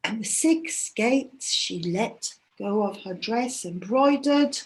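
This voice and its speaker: A woman storyteller telling a myth aloud at a workshop, dramatic, moving between hushed and loud. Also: medium pitch, lively intonation, slow.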